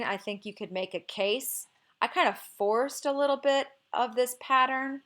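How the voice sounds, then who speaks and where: A woman teacher giving a relaxed, informal lesson on poetry, sometimes slowing down to read verse aloud with marked stress. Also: a little high. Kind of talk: recorded lecture on poetry.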